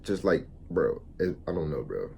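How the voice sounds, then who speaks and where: Deep-voiced man ranting in slangy reactions. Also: normal speed, vocal fry. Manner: animated slangy rants, constant "bro". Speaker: YouTube reaction host. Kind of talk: casual reaction commentary.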